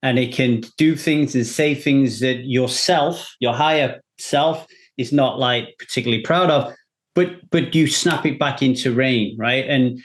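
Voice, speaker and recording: Podcast host, man with an average-pitched voice, measured and thoughtful. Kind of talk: casual interview talk.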